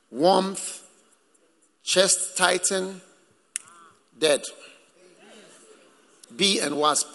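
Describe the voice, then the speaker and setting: A man preaching a sermon in a church, lively and joking with the congregation. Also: high-pitched, gravelly. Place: church hall. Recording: echoey hall with long reverb.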